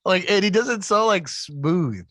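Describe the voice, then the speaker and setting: Podcast co-host, man, higher voice with a lot of swing, dry close sound, rambly casual chat. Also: animated, unhurried, fairly bright tone, no echo. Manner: rambling, full of "like" and restarts.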